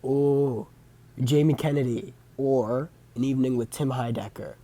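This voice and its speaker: In an unhurried, mellow mid-range voice with a steady tone, a young man gives a casual movie review monologue as a vlogger. He rambles through films he's seen, using plenty of fillers and correcting himself often.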